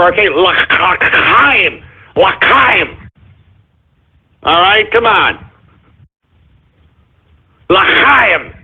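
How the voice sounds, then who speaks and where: A man hosting a raucous comedic radio show, his husky voice riding high and leaping all over the place. He rants and swears, breaking into shouted apologies again and again. The sound is thin and tinny, like a phone line. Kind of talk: comedic call-in radio rant.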